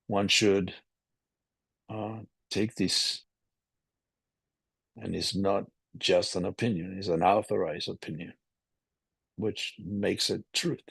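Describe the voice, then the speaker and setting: A man giving a scripture class over a video call, reading and explaining in a slow, measured way. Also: fairly low pitch, fairly even intonation, vocal fry, a bit bright, breathy edge, no echo.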